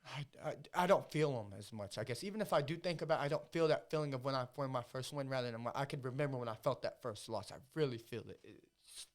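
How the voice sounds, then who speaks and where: A man's voice: mid-range voice, fast talker, hardly any pauses. A man who fights for a living talking as a podcast guest in casual chat, emotional and profane, often repeating himself.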